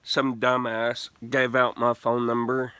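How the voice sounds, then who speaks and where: Man, gaming streamer, profane storytelling rant, slow unhurried pace, smooth dry sound. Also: medium pitch, completely flat delivery, bright, forceful tone, dry recording. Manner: profane, laughing, restarts often.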